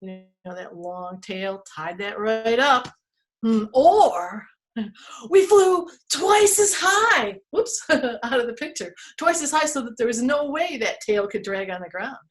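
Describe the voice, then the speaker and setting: A woman storyteller reading an interactive story to children, playful and expressive, asking her listeners questions. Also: on the high side, measured pace.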